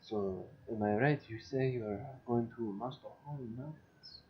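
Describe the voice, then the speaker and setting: A man doing a smooth masked nobleman with a hammy put-on French accent, drawing his words out with courtly flattery. The audio is dull and lo-fi. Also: mid-range voice, a little slow, natural voice. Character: fancy masked Frankish nobleman, smooth and ingratiating.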